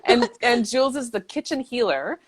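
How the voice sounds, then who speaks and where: A woman's voice: on the high side, lively intonation, normal speed, husky. A woman hosting a conversation from home over a video call, playful and affirming, laughing easily. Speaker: podcast host, book coach. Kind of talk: casual interview conversation. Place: home in Brooklyn.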